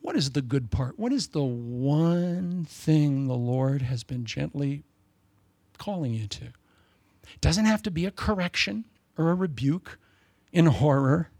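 An older man preaching a sermon in a folksy, humorous way, swinging between loud emphasis and soft asides. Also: a little high, animated, takes it slowly, dry recording.

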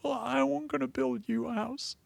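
A man voicing God as a tender, fatherly male figure, speaking softly and affectionately in a sermon. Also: very high voice, steady tone, moderate pace, vocal fry, no room sound, pitched above the performer's own voice, exaggerated voice. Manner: soft and affectionate.

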